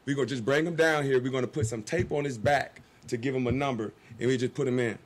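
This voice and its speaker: A man, a guest telling a long story in casual talk on a radio show, animated and acting out the people he quotes. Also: medium pitch, quick pace.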